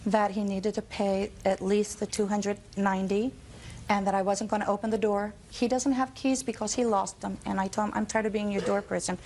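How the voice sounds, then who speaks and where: A woman's voice: medium pitch, fairly even intonation, a little fast, a little mellow, slight background noise. A woman testifying defensively and insistently as a plaintiff in a small-claims courtroom.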